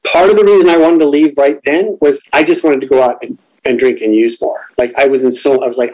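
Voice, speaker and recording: Man, middle-aged, candid, reflective, halting, personal storytelling, ordinary pitch. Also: a little mellow, poor audio. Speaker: guest sharing a recovery story.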